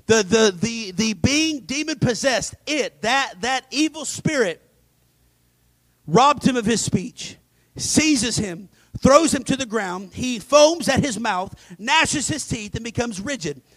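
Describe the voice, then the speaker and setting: A male pastor preaching a dramatic sermon, swinging between loud emphasis and hushed asides. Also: extremely high pitch, animated, slow, dry recording. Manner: acts out scripture voices.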